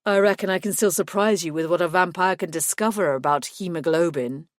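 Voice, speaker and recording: A woman's voice: lowish voice, brisk, dry recording, studio quality, natural voice. Woman doing a purring, caring vampire man. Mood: tender. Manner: purring, soft. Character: charming male vampire lover, smooth and caring.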